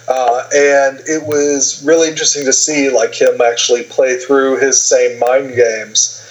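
A man's voice: medium pitch, little pitch movement, a little slow, lo-fi sound. A man co-hosting a podcast, retelling a TV season in a rambling way with lots of fillers and quoted lines. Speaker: podcast co-host. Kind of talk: casual TV recap chat.

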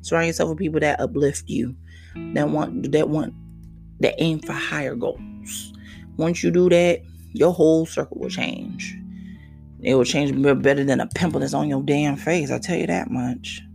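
A man hosting his own podcast in casual solo talk, emotional and animated, slipping into soft whispery asides. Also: a little high, moderate pace, creaky, music in the background. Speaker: podcast host.

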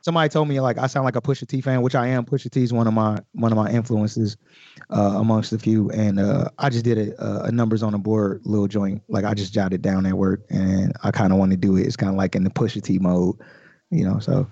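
A man's voice: lowish voice, little pitch movement, a little fast, dark tone, no room sound, lo-fi sound. A man, a guest rapper on a podcast, breaking down his lyrics in loose, slangy casual chat full of swearing.

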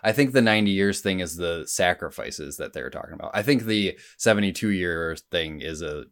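A man's voice: low-pitched, animated, a little fast, fairly bright tone. A man co-hosting a casual film podcast, talking animatedly and swearing freely as he acts out scenes. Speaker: podcast co-host.

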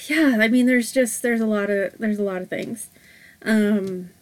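A woman's voice: mid-range voice, a little slow. A woman co-hosting a casual podcast, rambling with many hesitant fillers. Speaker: podcast co-host.

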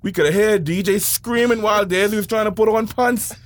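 A man telling a wild childhood story in a slangy, excitable way, shouting at the big moments. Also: sits high, brisk. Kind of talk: animated casual storytelling.

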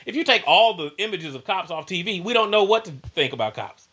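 A man's voice: high-pitched, a little fast, husky. A man in casual conversation, talking animatedly and laughing often as he tells stories. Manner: animated, acts out quoted voices, laughs often. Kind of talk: casual chat.

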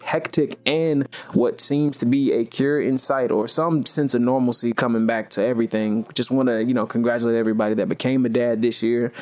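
A man's voice: medium pitch, brisk, few pauses. Laid-back man hosting a dads' chat. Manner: relaxed, rambling, full of "you know" fillers. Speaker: podcast host. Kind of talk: casual chat.

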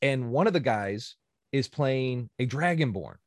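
A man co-hosting a casual podcast chat, animated and joking, laughing often. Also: medium pitch, a little slow, no room sound, studio quality. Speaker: podcast co-host.

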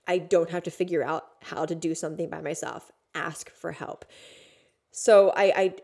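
A woman with a lowish, slightly mellow voice hosts a podcast, retelling a personal story. She is candid and emotional, and she swears often.

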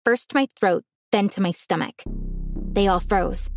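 Calm woman narrating a first-person story. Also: mid-range voice, normal speed, faint music behind.

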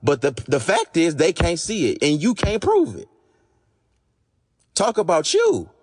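Hoarse man ranting bluntly on a podcast. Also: fairly high pitch, wildly swooping pitch, a little slow, a little mellow. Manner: blunt, profane, exasperated ranting. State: losing his voice. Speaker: podcast host. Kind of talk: unscripted podcast monologue.

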